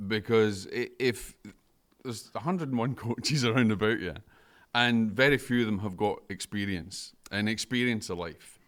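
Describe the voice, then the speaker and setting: Scottish man, podcast guest, leadership mentor, casual talk, measured thoughtful explaining, lowish voice. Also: a bit bright. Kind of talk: casual conversation.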